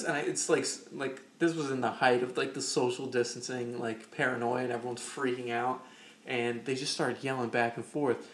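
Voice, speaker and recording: A man's voice: mid-range voice, moderate pace. A man co-hosting a podcast, telling stories in casual, profane chat and acting out what people said. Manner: profane, animated anecdote-teller acting out quotes. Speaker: podcast co-host. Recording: roomy echo.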